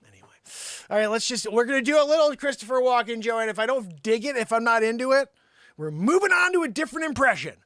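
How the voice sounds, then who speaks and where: A man hosting a call-in comedy livestream in a high, bouncy voice. He rambles through jokes and keeps teasing an off-screen helper. The sound is dry and close. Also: sing-song, fast, a bit bright, no echo. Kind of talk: joking livestream banter.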